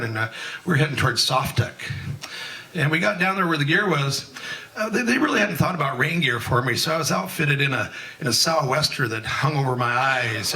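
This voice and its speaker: Older man, folksy open-mic storyteller, bright voice a little off mic, rambling with fillers. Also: mid-range voice, distant mic, poor audio. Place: live event in a museum hall.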